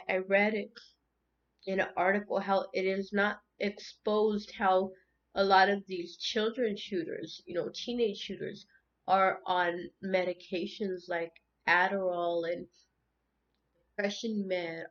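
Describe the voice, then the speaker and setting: Here a spiritual tarot channel host talks in a level, mid-range voice at a steady, measured pace over lo-fi sound. Her unscripted monologue is heartfelt and emotional, full of repeated words and restarts, with tearful moments now and then.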